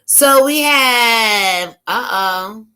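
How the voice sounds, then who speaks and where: A woman's voice: a little high, extremely slow, bright, forceful tone, smooth. A woman from the United States hosting a casual opinion commentary, talking emphatically and firing off rhetorical questions. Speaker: commentary channel host.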